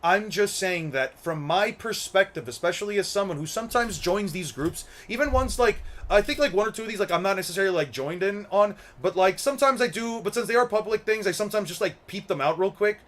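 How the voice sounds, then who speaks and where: A man's voice: high-pitched, animated, fairly quick, hardly any pauses, a bit bright. A young man hosting an anime commentary channel, ranting casually, rambling, repeating words and swearing. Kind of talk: casual opinion rant.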